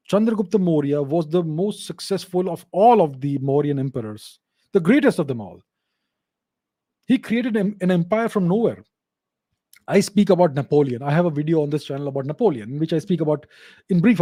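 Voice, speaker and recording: Guy doing a solo q&a show, bit high pitched, mellow tone, very sure of himself, hammers his points home. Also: dry recording, clean studio sound. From India. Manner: assertive, emphatic, repeats points for stress. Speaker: host answering viewer questions. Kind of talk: casual solo Q&A commentary.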